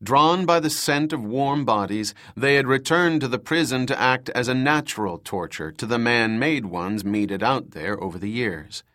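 A man narrating a dark thriller audiobook in a measured, dramatic reading style. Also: mid-range voice, lively intonation. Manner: slow, measured, dramatic reading with voiced dialogue.

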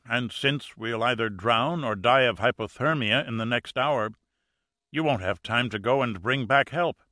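A man voicing a gloomy, fatalistic doctor who speaks solemnly and slowly, read as an audiobook character. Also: mid-range voice, pushed and bright, no room sound, clean studio sound. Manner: solemn, slow.

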